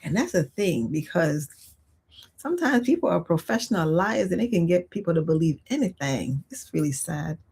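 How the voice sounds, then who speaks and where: A woman hosting a livestream, telling stories in a chatty, expressive way and reading viewer comments aloud. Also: on the low side, normal speed, gravelly, husky. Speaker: livestream host. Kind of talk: casual storytelling chat.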